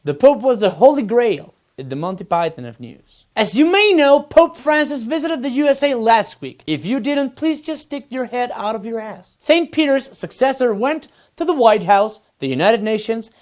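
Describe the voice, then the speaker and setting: A man's voice: very high voice, animated, moderate pace, few pauses. A man hosting a satirical comedy news show, delivering mocking, sarcastic punchlines. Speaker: host.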